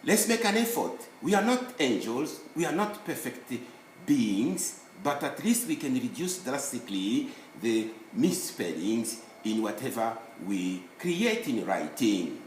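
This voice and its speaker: A man teaching a spelling lesson, explaining word by word in a slow, deliberate way with many pauses. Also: medium pitch, very animated, a little hiss or hum. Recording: roomy echo, faint ambience.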